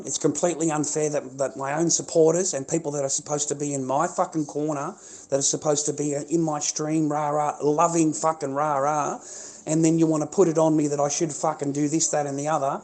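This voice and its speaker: A man's voice: fairly high pitch, steady tone, a little fast, dark tone. A man with an Australian accent ranting to his livestream viewers, heated and profane, swearing and repeating himself constantly. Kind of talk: angry livestream rant.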